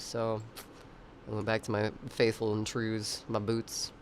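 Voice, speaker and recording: A man's voice: fairly low pitch, monotone, a little slow, a little hiss or hum. A man streaming and chatting casually with viewers, rambling, swearing freely and laughing often. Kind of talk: casual chat.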